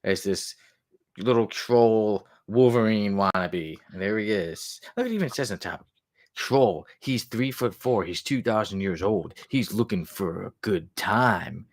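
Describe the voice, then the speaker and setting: Low-voiced man chatting about comics. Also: animated, dry recording, clean studio sound. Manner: rambling, chuckling, reads quotes aloud in a slowed voice. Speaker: podcast co-host. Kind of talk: casual chat about comics.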